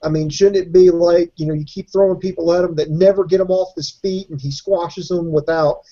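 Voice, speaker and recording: A man's voice: high voice, fairly quick. A man hosting a wrestling review podcast, steadily leading the talk and asking his co-hosts questions. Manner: steady, moderating, asks questions. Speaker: podcast host. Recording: dull lo-fi podcast audio.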